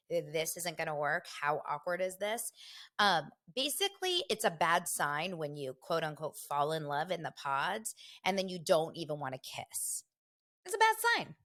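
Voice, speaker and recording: A woman hosts her own podcast in a loose, gossipy chat. Her voice sits slightly low. She is middle-aged, animated, and quick to act out the people she talks about. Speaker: podcast host. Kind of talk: casual solo podcast chat.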